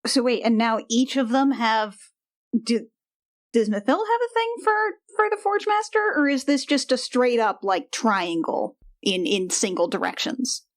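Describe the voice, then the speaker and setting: A woman's voice: fairly high pitch, big pitch swings, unhurried. A woman playing in a tabletop game, asking questions and puzzling things out. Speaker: player. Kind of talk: casual tabletop play.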